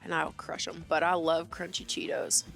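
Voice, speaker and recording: A woman's voice: on the low side, little pitch movement, normal speed, gravelly, a bit bright, soft background music. A woman producer chatting casually and playfully on a podcast.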